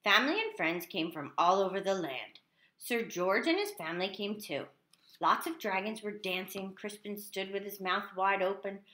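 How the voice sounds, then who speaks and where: A woman reading a children's picture book aloud in an animated, expressive way. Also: medium pitch, normal speed. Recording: echoey room.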